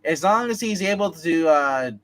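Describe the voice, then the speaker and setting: A man's voice: fairly high pitch, lively intonation, normal speed. A man co-hosting a casual comics chat, joking around and giving the channel announcements. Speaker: co-host.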